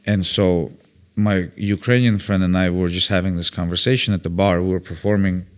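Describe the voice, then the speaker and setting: A man's voice: deep voice, normal speed, clear, resonant tone. A man, a comedian guest, telling stories in casual conversation, blunt and opinionated, acting out other people's lines and swearing freely. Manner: animated storyteller who acts out quoted voices and swears freely.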